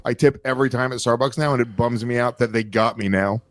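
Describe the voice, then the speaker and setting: A man's voice: medium pitch, fast talker, no echo. Man telling stories in casual banter. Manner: storytelling, profane, animated asides. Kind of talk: casual chat.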